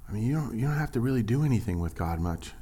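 Animated pastor telling a sermon story. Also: male voice, fast talker, breathy edge. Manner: animated storytelling, acts out quotes in a higher voice; conversational, jokes with congregation.

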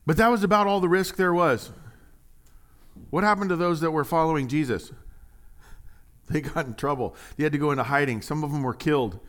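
Animated joking male pastor. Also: fairly high pitch. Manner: animated, joking, swings from hushed to loud emphasis. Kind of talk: conversational sermon.

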